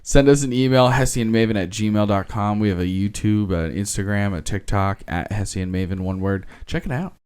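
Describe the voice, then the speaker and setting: A man's voice: fairly low pitch, moderate pace, hardly any pauses, darkish tone, smooth. A man co-hosting a podcast, teasing and bantering in casual chat. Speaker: podcast co-host.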